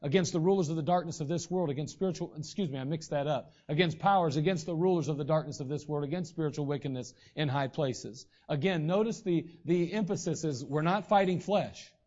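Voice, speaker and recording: A man preaching a sermon as pastor, in a conversational way with frequent throat clearing. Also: on the high side, fairly quick, few pauses, darkish tone. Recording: dull lo-fi recording.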